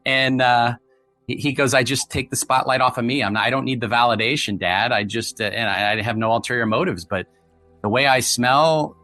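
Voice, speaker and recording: A man's voice: medium pitch, pushed and bright, no echo. A middle-aged man, a guest author and former polygraph examiner, explaining at length in a conversational interview, with frequent restarts.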